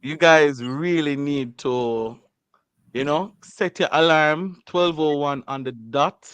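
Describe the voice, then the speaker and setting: In a dry studio recording, a radio host with a clear, resonant, somewhat high voice takes his time. He chats playfully with a guest, teasing and animated, and laughs often.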